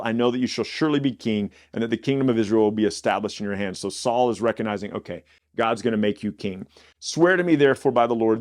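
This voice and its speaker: A man's voice: mid-range voice, a little mellow. Man casually explaining scripture. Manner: conversational, with frequent restarts and repeated words. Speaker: Bible study podcast host.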